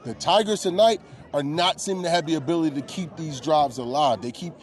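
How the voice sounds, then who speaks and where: A middle-aged man doing live color commentary at a high school football game, breaking down plays with a coach's eye and folksy turns of phrase. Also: brisk.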